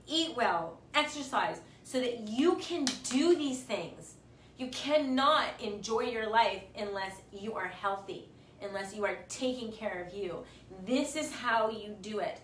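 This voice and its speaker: A woman's voice: mid-range voice, a bit bright, distant mic. A choked-up woman in her forties gives an emphatic motivational talk, repeating her words for emphasis. She sits back from the mic in a roomy space, with a faint hum underneath. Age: 40s. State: tearful, choked up. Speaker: fitness instructor. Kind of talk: emotional motivational pep talk on a livestream.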